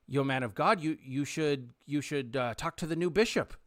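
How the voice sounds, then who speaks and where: A man's voice: a little high, moderate pace, no echo, lightly acted. A man voicing a nervous, well-dressed male merchant who stammers and gets flustered. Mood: condescending.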